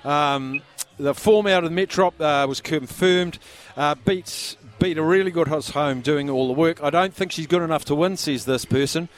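A man's voice: fairly high pitch, normal speed. An Australian man hosting a live radio call-in sweepstake from a pub, speaking up over the noise. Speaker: radio host.

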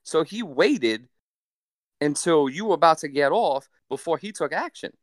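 A man's voice: a little high, lively intonation, moderate pace, dry recording, studio quality, pitched above the performer's own voice, lightly acted. A man putting on a sassy New York conductor lady. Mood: matter-of-fact. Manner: sassy, motherly, calls people sweetie.

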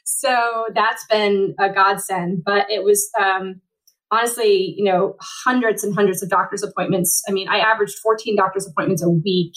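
A woman's voice: mid-range voice, fairly even intonation, normal speed, fairly bright tone, rough recording. Chatty woman in her forties. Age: 40s. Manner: rambling, frequent fillers and restarts. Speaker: Paralympic triathlete guest. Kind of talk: conversational interview storytelling.

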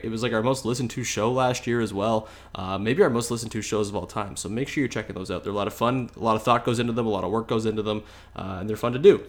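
Congested from a cold, a young sports podcast host speaks in a lowish, slightly bright voice. His talk is chatty and loose, full of fillers and restarts.

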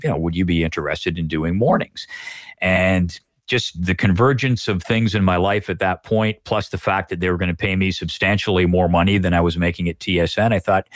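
A middle-aged Canadian man, a guest broadcaster, telling stories in a measured, reflective way during a podcast interview. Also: low-pitched, no room sound, studio quality.

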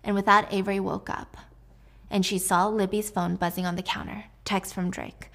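A woman's voice: medium pitch, little pitch movement, moderate pace, vocal fry, fairly bright tone. A young woman retelling a novel's plot in a casual, chatty way, full of fillers and slangy asides. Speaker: book recap creator. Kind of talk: casual storytelling recap.

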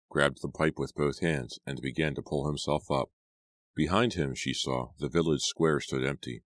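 Man, audiobook narration, very deep voice, dry recording, measured dramatic reading. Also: dry recording.

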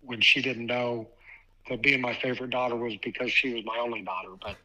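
A man in his fifties from Ohio, a basketball official guest telling a personal story in a halting way, often repeating words. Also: medium pitch, steady tone, sharp tone, low-quality recording. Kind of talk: casual storytelling interview.

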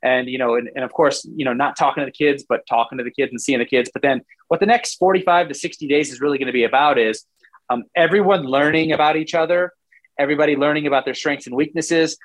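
A man in his forties, a former player now analyzing football in casual talk, rambling animatedly and acting out what coaches would say. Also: on the high side.

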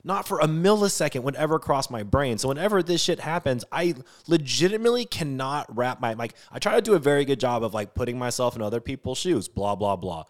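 A man co-hosting a podcast in casual chat, ranting with animated swings and swearing freely between laughs. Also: medium pitch, a little fast, hardly any pauses. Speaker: podcast co-host.

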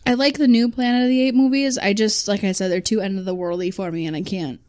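A woman in casual chat about films, playful and quick with quips. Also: medium pitch, steady tone, a little mellow.

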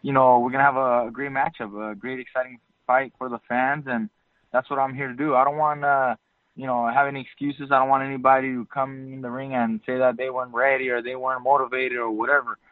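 Calm man answering over a phone line. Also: mid-range voice, no room sound. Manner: calm, mellow, measured. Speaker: boxer. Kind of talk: interview answers.

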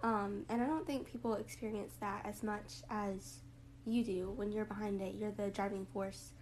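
A young woman hosting a casual reflective monologue, rambling with lots of fillers and a rough morning voice. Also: medium pitch, fairly even intonation, moderate pace, a little mellow, slight background noise, low-quality recording. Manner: rambling, lots of likes and ums. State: morning voice, throat a bit rough.

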